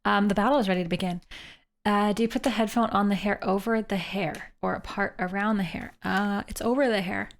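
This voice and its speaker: A woman's voice: mid-range voice, steady tone, a little fast, vocal fry. A woman from Canada, a live streamer, thinking aloud and chatting as she plays a mystery game.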